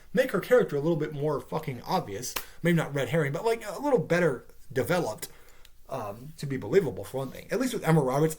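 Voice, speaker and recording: A caffeinated man ranting through a profane TV series review, swearing heavily and sounding exasperated. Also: fairly high pitch. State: caffeinated, wired.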